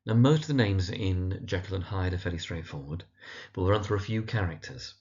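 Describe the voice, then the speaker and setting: Man, teacher, very low voice, slow careful repetition of names, muffled lo-fi recording. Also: lively intonation, a little mellow. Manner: careful, repeats each name slowly and deliberately. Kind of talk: instructional pronunciation guide.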